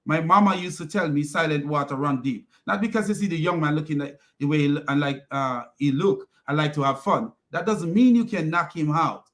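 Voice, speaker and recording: Here a man's fairly high, slightly bright voice moves a little fast with few pauses. He's an online commentator in a casual rant, mocking and heated, frequently laughing and going over the same points again.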